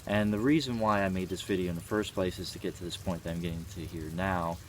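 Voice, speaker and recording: Speaking quickly in a deep, steady voice, a twenty-something vlogger addresses the camera earnestly against slight background noise. His casual, reflective talk wanders, leaning heavily on "you know" and dropping the occasional swear word.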